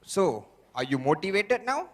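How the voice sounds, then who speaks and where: A man's voice: high voice, big pitch swings, a little slow, exaggerated voice. A man voicing a lazy, discouraging inner voice that scoffs at effort and tells the listener to quit. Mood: mocking. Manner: dismissive, coaxing to quit. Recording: long reverb of a large hall.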